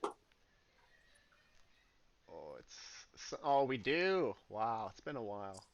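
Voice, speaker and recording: A man's voice: fairly low pitch, takes it slowly, dull audio, a little hiss or hum. Easygoing man running a tabletop game. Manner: relaxed, rambling, with frequent fillers. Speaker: game master.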